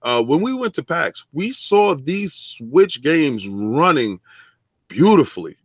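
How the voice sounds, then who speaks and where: Playful teasing man, slightly high. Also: big pitch swings, slow pace, breathy edge, no echo. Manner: playful, teasing, reads chat aloud. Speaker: host. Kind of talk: casual livestream chat.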